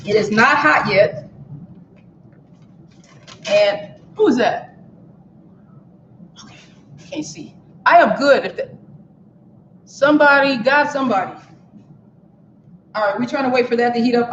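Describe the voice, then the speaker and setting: A woman's voice: on the high side, a little hiss or hum. Chatty woman hosting a live kitchen stream. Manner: chatty, talks straight to viewers. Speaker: cooking show host. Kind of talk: casual live cooking stream chat. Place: home kitchen. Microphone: camera on a stand for a live stream. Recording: roomy, dull kitchen sound.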